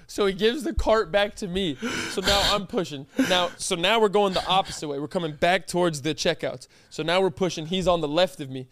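A man's voice: sits high, fairly quick, few pauses, a bit bright, no room sound. A young man co-hosting a podcast, animatedly telling a funny story, swearing and breaking into laughter. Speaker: podcast co-host. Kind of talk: casual storytelling chat.

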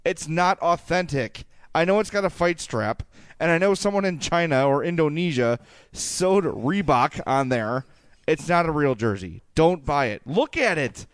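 Male podcast co-host, clean resonant voice, dry booth sound, ranty and animated. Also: fairly high pitch, normal speed, clear, resonant tone, dry recording. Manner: animated, ranting, jokey asides. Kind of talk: casual sports podcast chat.

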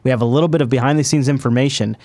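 Excitable man hosting a tech podcast. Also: medium pitch, dry recording. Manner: excitable, emphatic, quick asides. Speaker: podcast host. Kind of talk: enthusiastic tech podcast chat.

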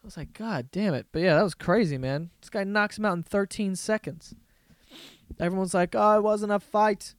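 Young male podcast host, loose profane storyteller, slightly high voice, dry mic. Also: normal speed, dry recording. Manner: profane, rambling storyteller with frequent laughs. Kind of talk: casual solo comedy podcast rant.

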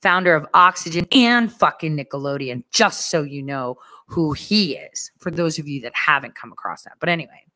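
A woman with a slightly low voice tells a story in an animated, sarcastic rant. She swears freely and acts out what the people around her said. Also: moderate pace.

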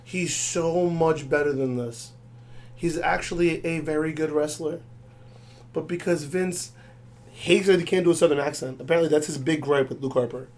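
Casting: male podcast co-host, slightly higher voice, exasperated rant. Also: steady tone, moderate pace, darkish tone. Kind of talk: casual wrestling recap chat.

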